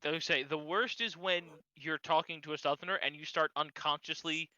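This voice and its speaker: A man co-hosting a comedy stream, sounding exasperated, with quick lively asides. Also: on the high side, dry recording, lo-fi sound. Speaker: co-host. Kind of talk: casual chat.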